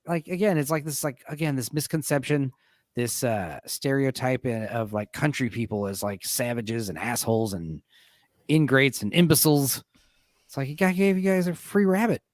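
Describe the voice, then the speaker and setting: A man's voice: fairly high pitch, no room sound, clean studio sound. A man hosting a casual movie discussion stream, retelling scenes in a rambling, crude way with filler words. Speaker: podcast host.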